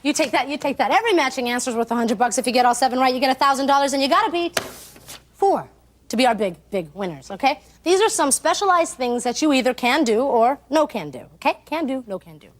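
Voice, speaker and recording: A woman's voice: high-pitched, expressive. A woman hosting a television game show with bubbly quips, speaking in a put-on English accent. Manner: bubbly, quick quips to contestants. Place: TV studio with live audience. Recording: loud studio music and audience.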